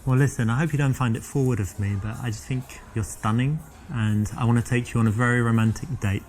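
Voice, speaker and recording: A man's voice: medium pitch, fairly even intonation, fast talker, darkish tone, lightly acted. A man with an English accent playing a teasing, self-assured flirt in a game. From England. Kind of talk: game dialogue.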